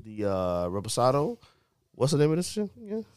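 Male co-host, relaxed and blunt, mid-pitched. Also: fairly quick, smooth, no room sound. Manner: relaxed, blunt, promo-style wrap-up. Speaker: podcast co-host. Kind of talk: casual chat.

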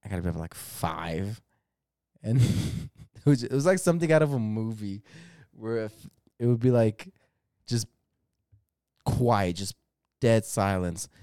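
A young adult man co-hosting a podcast, chatting casually and telling animated stories with frequent swearing and laughter. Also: on the low side, measured pace, long pauses, no echo, clean studio sound. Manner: animated storytelling, swears freely, laughs often. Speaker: podcast co-host. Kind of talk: casual chat.

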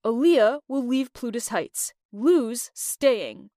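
A woman plays a hot-tempered young man who speaks bluntly and with force. The delivery stays lively and high, close and dry in a storybook reading. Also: slow, dry recording. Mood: firm.

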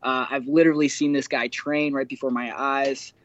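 Man from New Jersey, hyped and slangy, mid pitch; lo-fi sound. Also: level tone, moderate pace, no echo. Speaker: podcast guest. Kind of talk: casual chat. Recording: dry, muffled lo-fi audio.

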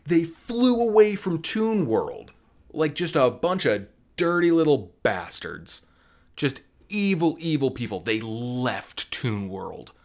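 A man's voice: a little high, sing-song, takes it slowly, darkish tone, pitched above the performer's own voice, exaggerated voice. A man putting on a grumpy male cartoon rabbit, ranting in a whiny, sarcastic way. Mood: aggrieved.

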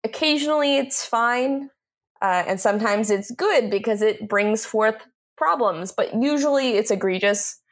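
Young woman podcast co-host, lively casual storyteller who laughs a lot. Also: on the high side, normal speed. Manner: animated storytelling, laughs often, swears. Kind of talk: casual chat.

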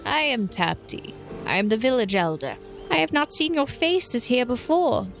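A woman voicing a tiny, very old female village elder who speaks in a slow, stern, grandmotherly way. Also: fairly high pitch, very animated, creaky, fairly bright tone, soft background music, pitched above the performer's own voice, full character voice. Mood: wary.

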